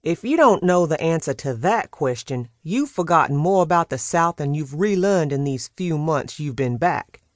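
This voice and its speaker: A woman doing a wry old gentleman uncle. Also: low voice, expressive, normal speed, few pauses, no room sound, clean studio sound. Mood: teasing. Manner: wry, teasing. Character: teasing older white-haired gentleman uncle.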